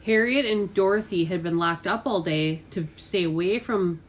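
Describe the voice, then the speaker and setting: A woman's voice: on the low side, normal speed, rough recording. A middle-aged woman, a mother, telling a family story in casual chat on a podcast. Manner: animated, defensive storytelling.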